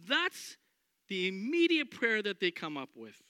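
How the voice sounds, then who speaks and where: Pastor guy preaching, high voice that swoops all over, slow deliberate delivery, acts out the people in the story. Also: huge pitch swings, bright, forceful tone, clean tone, dry recording, clean studio sound. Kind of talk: sermon.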